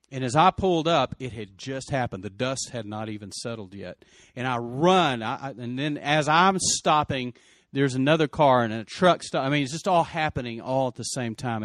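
A man's voice: mid-range voice, dry recording, studio quality. A middle-aged man earnestly retelling an emotional story, with many restarts. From West Texas. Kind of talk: personal storytelling.

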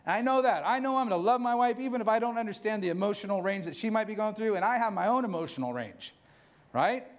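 A man's voice: sits high, animated, fast, highs cut off. A middle-aged man preaching a sermon, candid and self-mocking, laughing often. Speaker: pastor.

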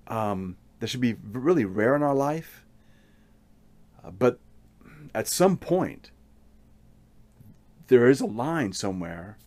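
A man preaching a sermon in an earnest, measured way, often restarting his phrases. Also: medium pitch, darkish tone, no room sound.

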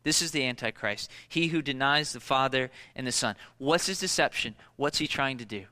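A man preaching a sermon in a casual, storytelling way, full of fillers and sudden jumps in pitch for emphasis. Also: normal speed, pushed and bright. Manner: conversational storytelling with many fillers. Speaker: pastor.

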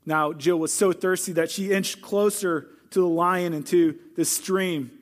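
An earnest male pastor preaching a sermon and moving into heartfelt prayer. His voice sits fairly high for a man. He speaks with steady conviction throughout. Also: unhurried.

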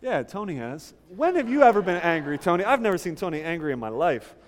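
A man preaching a sermon, conversational and animated, telling stories and teasing the congregation. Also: high-pitched, fast talker, big-room sound. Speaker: pastor. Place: church sanctuary.

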